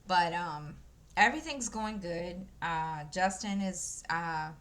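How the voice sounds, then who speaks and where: A crafting channel host in her 50s chats casually to viewers while stitching, rambling with lots of fillers and restarts. Her voice is on the low side, slow and a bit bright, picked up by a desk microphone.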